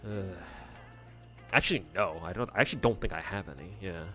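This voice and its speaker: A man's voice: deep voice, fairly quick, bright, forceful tone. A man streaming a game, chatting casually and swearing freely as he mutters to himself. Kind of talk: casual gameplay commentary. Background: faint game music.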